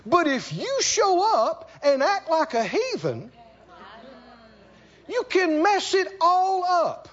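A man preaching a sermon, telling stories with animated asides and laughter, and repeating key lines slowly for emphasis. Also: very high-pitched, dull audio.

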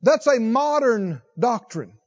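Slow, high-voiced preacher man. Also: sing-song, a little mellow, lo-fi sound. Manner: slow, questions the congregation, rises in pitch when stressing points. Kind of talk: sermon with scripture reading.

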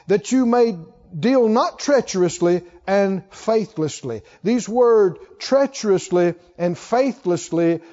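A man preaching a sermon as pastor, slow and emphatic, leading his congregation in call-and-response. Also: high-pitched, darkish tone, big-room sound, dull audio. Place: church sanctuary.

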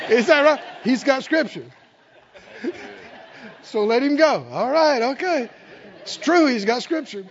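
A pastor preaching a sermon, calling on the congregation to answer and swinging from hushed lows to loud peaks. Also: male voice, animated, slow pace, pauses often, a faint crowd. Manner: call-and-response preaching, swinging from low hush to loud. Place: church sanctuary. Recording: dull lo-fi sound in a reverberant church.

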